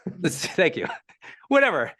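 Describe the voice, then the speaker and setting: A high-performance coach talking to a live group, his pitch a little raised and constantly rising and falling. He tells his stories emphatically and with plenty of energy. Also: slow pace, breathy edge. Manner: animated, emphatic storytelling. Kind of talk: live teaching talk.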